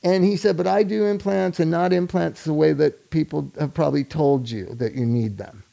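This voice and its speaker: A man's voice: on the high side, normal speed, gravelly, dark tone. A man in casual chat, telling a story animatedly and acting out the people in it.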